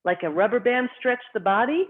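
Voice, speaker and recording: A qigong teacher leads a class in an even, mid-range voice, giving calm, short spoken cues that follow the rhythm of the breath. The sound is thin and narrow, like a voice heard over a phone line. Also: medium pitch, a little fast. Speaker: qigong instructor. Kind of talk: guided qigong class instruction.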